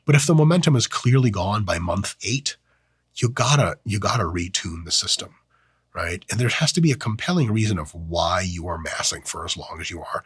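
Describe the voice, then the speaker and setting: A man with a low, husky voice hosts a fitness channel, delivering a casual educational monologue on training and diet at normal speed. He's profane, joking, and animated throughout. The recording is dry and studio quality.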